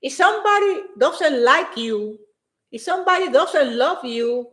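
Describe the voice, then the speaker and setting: Emphatic high-voiced woman motivational speaker. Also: lively intonation, moderate pace, reverberant. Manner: emphatic, repeats phrases, reads out viewer comments. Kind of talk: motivational live stream talk.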